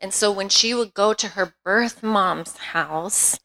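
A woman's voice: medium pitch, slow, bright, forceful tone. A middle-aged woman speaking at a women's retreat, candid and conversational, often restarting her sentences.

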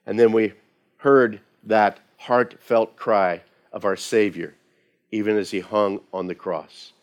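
A man's voice: lowish voice, fairly even intonation, takes it slowly. A man preaching a sermon as pastor, talking conversationally and acting out quoted voices.

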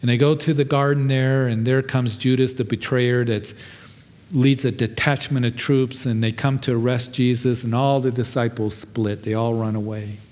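A man's voice: medium pitch, fairly even intonation, normal speed, darkish tone. A man preaching as a pastor, telling a story in a conversational, self-deprecating way with many fillers. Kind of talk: sermon. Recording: long hall reverb.

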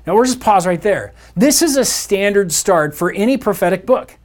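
A man's voice: sits high, expressive, normal speed. A man preaching a sermon as pastor, in a conversational style with playful asides to his listeners. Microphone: church podcast mic.

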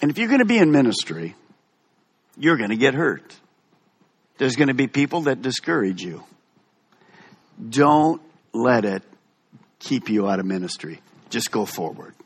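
A man pastor preaching a sermon in an animated, emphatic way. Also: mid-range voice, unhurried, pauses often, husky.

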